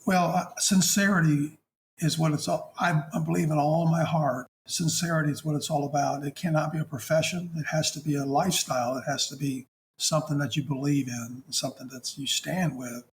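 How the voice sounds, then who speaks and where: A man working as a hospice chaplain, telling a story in a gentle, affectionate, conversational way. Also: on the high side, fairly even intonation, brisk.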